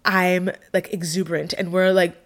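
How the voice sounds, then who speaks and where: A woman casually telling a personal travel story to camera, chatty and animated, with many fillers. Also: on the low side, moderate pace. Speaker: vlogger.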